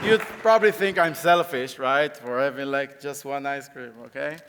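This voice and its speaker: A man's voice: medium pitch, normal speed, a loud crowd, very noisy. A man giving a live coding talk on stage, playful and laughing often as he directs volunteers. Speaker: conference speaker. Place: conference stage. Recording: echoey conference hall with audience.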